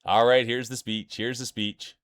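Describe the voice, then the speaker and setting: A man's voice: mid-range voice, normal speed, clear, resonant tone, no echo, clean studio sound. Hyped Canadian man calling marble races. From Saskatchewan, Canada. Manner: energetic, hyped announcer-style banter with chat. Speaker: streamer hosting marble races. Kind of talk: live-stream commentary.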